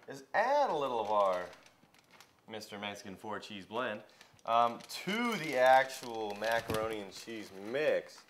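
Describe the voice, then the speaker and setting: A man's voice: mid-range voice, noisy background. A young man hosting a casual cooking video in a home kitchen, chatting viewers through each step.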